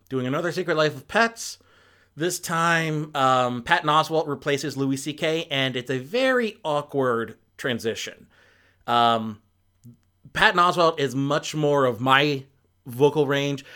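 A man's voice: medium pitch, pushed and bright, smooth. Rambling, hesitant male film reviewer. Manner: rambling, hesitant, many restarts. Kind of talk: casual review chat.

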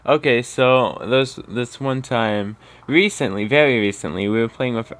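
A young man with a middle-pitched voice tells a story to friends. He rambles, restarts his sentences, and swears casually. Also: unhurried, a bit bright. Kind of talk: casual chat.

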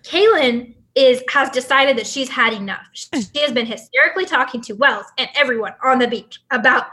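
A woman's voice: high voice, a little fast, pushed and bright. A young woman guesting on a podcast in casual chat, opinionated and emphatic.

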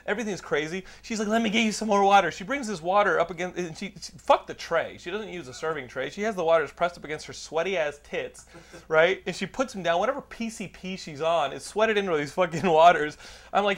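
A middle-aged man hosting a podcast, telling a long profane anecdote in casual chat. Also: a little high. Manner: profane, rambling anecdote teller. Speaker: podcast host.

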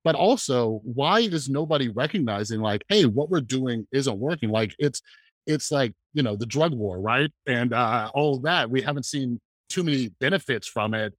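Man, podcast host, halting questions, lots of fillers, dry close mic. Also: medium pitch, expressive, no echo. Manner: hesitant, with many fillers and restarts while asking questions. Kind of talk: casual interview conversation.

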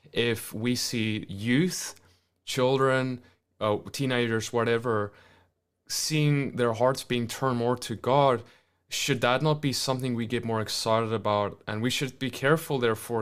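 A man's voice: mid-range voice, clean tone. A man hosting a podcast interview, reading viewer questions and reflecting aloud, building his points with rhetorical questions. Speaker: podcast host.

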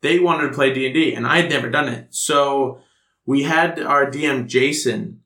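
A man's voice: mid-range voice, normal speed, pushed and bright. A young man chatting casually, rambling and self-mocking with lots of fillers as he tells a story. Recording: roomy echoey room.

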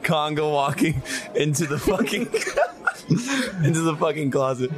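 A man's voice: fairly high pitch, very animated, unhurried, over music. A man playing a tabletop role-playing game in casual chat, joking and cursing freely. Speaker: player.

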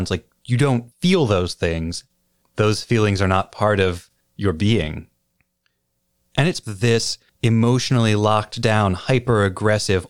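A man co-hosting a podcast, giving a measured, analytical discussion. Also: on the low side, no echo, studio quality. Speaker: podcast co-host.

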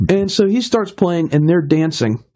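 A man's voice: high voice, unhurried. A man telling a long anecdote on a radio show, laughing often and acting out the voices of the people in it. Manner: lively storyteller who laughs often and acts out quotes. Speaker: radio guest.

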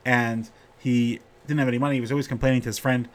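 A middle-aged man giving an informal Torah talk, telling stories and getting animated when he quotes the people in them. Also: mid-range voice, fast. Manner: storytelling, animated when quoting characters.

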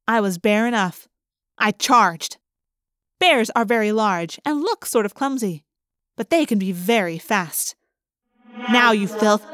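A woman's voice: a little high, fairly bright tone, no room sound, studio quality. A woman reading a first-person storybook aloud and voicing the emotional dialogue expressively. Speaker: audiobook narrator.

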